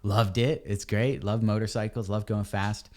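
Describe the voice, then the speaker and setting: A man, a podcast guest, telling a story in a casual, animated way and calling people dude and man. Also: fairly low pitch, moderate pace. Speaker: podcast guest, ebike company cofounder.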